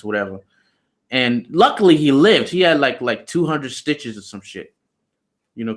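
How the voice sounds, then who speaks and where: A man's voice: medium pitch, a bit bright. A man being interviewed, telling a story in loose, slangy, profane casual talk with lots of "you know". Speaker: interview guest.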